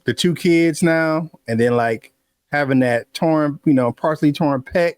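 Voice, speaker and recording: A middle-aged man and father co-hosting a sports podcast, talking in a relaxed, reflective way. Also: on the high side, unhurried, clean tone, no room sound, studio quality. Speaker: podcast co-host. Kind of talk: casual sports chat.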